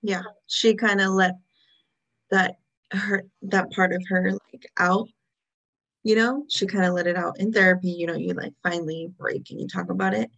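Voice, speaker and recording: A woman's voice: fairly low pitch, fairly even intonation, normal speed, vocal fry, fairly bright tone, dull audio. A woman co-hosting a casual chat, chiming in with thoughtful theories about a show. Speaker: podcast co-host.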